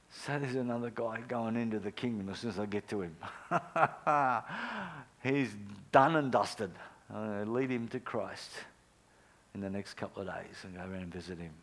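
A middle-aged man preaching a sermon, telling stories earnestly, with lively bursts and quiet, near-whispered prayers. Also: lowish voice, normal speed, long pauses. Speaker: pastor.

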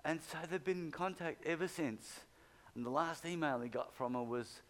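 A man preaching, telling a long anecdote in a lively storytelling way and acting out the people he quotes. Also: a little high, moderate pace, slight background noise. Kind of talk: sermon storytelling.

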